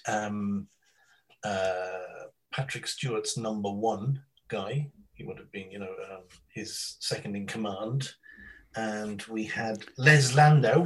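A man chatting casually as a podcast guest, telling rambling stories with lots of ums and quick impressions. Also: medium pitch, poor audio.

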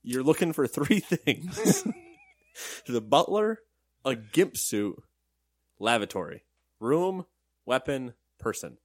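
A young man hosts a relaxed gaming news podcast, cracking jokes and laughing between stories. His pitch moves lively up and down, and the sound is dry and close with no room. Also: takes it slowly, long pauses, no echo. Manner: jokey, animated, laughs often. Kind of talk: casual chat.

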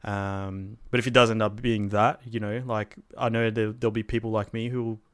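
A man's voice: on the low side, level tone, moderate pace, a bit bright, smooth, no room sound, studio quality. A man, co-hosting a casual chat about video games, rambling with fillers and restarts and swearing now and then. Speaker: podcast co-host.

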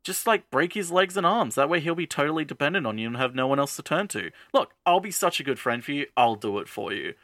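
Guy voicing a snarky cruel teen girl, taunting, bright dry sound. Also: a little high, very animated, fast talker, hardly any pauses, no room sound. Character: brash, mocking teenage girl, cruel streak.

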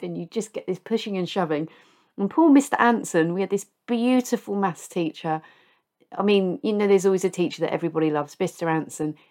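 A woman's voice: on the low side, a little mellow. A middle-aged woman hosting a podcast, confessing old misadventures in a casual, self-mocking way and laughing at her own stories. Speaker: podcast host.

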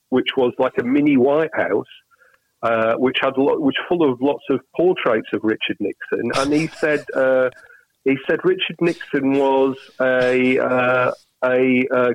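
A man's voice: medium pitch, dry recording, dull audio. British man, rambling political chat. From Britain. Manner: rambling storyteller, many restarts. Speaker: podcast co-host.

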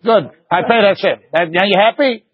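A man teaching a lively Talmud class, arguing points back and forth with his students. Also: high voice, normal speed, breathy edge, dry recording, narrow, tinny audio.

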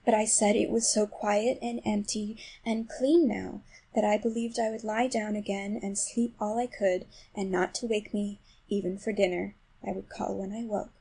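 A woman reading a classic story aloud as an audiobook, in a first-person telling that moves between hushed and emphatic. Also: mid-range voice, level tone, moderate pace, creaky, breathy edge, low-quality recording. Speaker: audiobook reader. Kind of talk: literary audiobook narration. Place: New York City.

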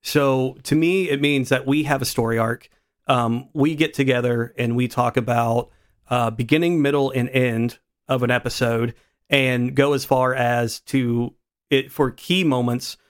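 A man with a middle-pitched voice co-hosts a podcast in relaxed, casual chat. He rambles, often restarts his sentences, and pokes fun at himself. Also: measured pace. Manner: rambling, self-deprecating, many restarts. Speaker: podcast co-host.

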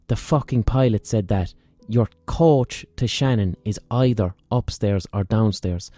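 An Irish man telling a profane, ranting comic story on his podcast, with animated asides. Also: on the low side, a little slow, hardly any pauses, no echo, faint music behind. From Ireland. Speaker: comedian and podcast host.

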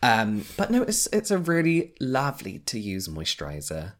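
Male podcast co-host, mid pitch, animated and eager, casual with mild swearing. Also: moderate pace. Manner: enthusiastic, rattles off lists, casual swearing. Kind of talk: casual chat.

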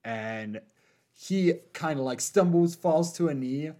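A man narrating as game master of a tabletop game in a relaxed way, with lots of fillers. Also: fairly high pitch, takes it slowly. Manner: relaxed, filler-heavy storytelling.

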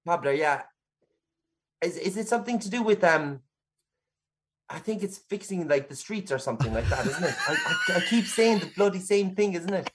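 Husky rambling man with a Cork accent. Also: high voice, expressive, moderate pace. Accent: Cork Irish. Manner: rambling, laughs often, swears casually. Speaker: podcast guest in quiz. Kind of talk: casual podcast chat.

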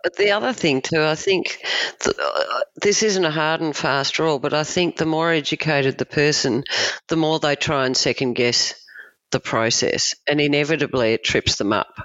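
A middle-aged Australian woman speaks candidly and conversationally, her voice sitting low and her phrases loosely strung together with "you know". The room sound is dry, and the recording is a little dull and muffled. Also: moderate pace, a bit bright, dry recording. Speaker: family lawyer guest. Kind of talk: casual chat.

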